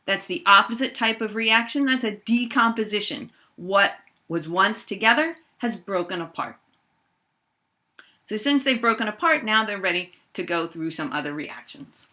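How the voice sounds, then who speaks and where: A middle-aged woman teaching a high school chemistry lesson, playfully acting out reactions with toy bears. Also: normal speed. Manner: animated, acts out toy bears in squeaky voices. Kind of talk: playful classroom lesson with toys.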